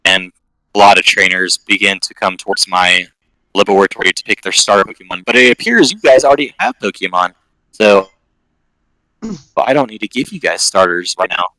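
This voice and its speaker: A man voicing a calm, businesslike female Pokemon professor who explains a task plainly. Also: low voice, brisk, no echo, rough recording. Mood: matter-of-fact.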